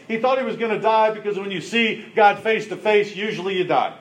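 A man's voice: sits high, fairly quick, few pauses. A man preaching a sermon as pastor, retelling Bible verses in a conversational, jokey way.

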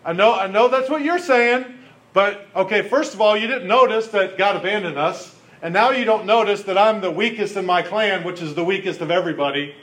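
A man's voice: high voice, brisk, a bit bright, low-quality recording. A man voicing Gideon as a doubtful, sarcastic young man who talks in a wry, hesitant way.

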